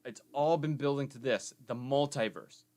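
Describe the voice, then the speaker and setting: A young man co-hosting a casual nerd chat podcast, excitable, cursing and jumping in loudly. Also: mid-range voice, moderate pace. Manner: excitable, swears, jumps in loudly. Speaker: podcast co-host.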